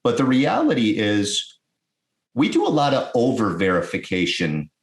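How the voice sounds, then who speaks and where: A man, an emergency-services chief, explaining things as a guest in a podcast interview, speaking in quick bursts with restarts. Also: mid-range voice, wildly swooping pitch. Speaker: guest, EMS fire chief. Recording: roomy echo.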